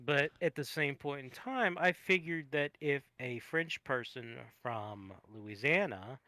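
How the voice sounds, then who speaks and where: A young man co-hosting a podcast in casual chat, animated and jokey. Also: mid-range voice, unhurried, no room sound. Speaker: podcast co-host.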